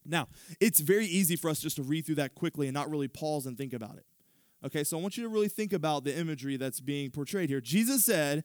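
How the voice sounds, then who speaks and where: A male pastor preaching a sermon, retelling scripture with animated storytelling and frequent restarts. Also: medium pitch, fast talker, no echo, clean studio sound.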